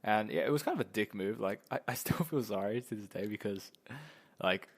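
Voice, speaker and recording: Young male vlogger, lowish gravelly voice, rambling and swearing through a story. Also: a little fast. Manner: rambling, profane, many fillers. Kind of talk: casual storytelling.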